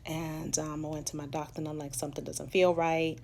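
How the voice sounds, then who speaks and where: A woman's voice: low voice, flat delivery, brisk, vocal fry, darkish tone, a little hiss or hum. A woman from New York with a New York accent, telling her life story in a candid, profane, casual way and mimicking the people she quotes.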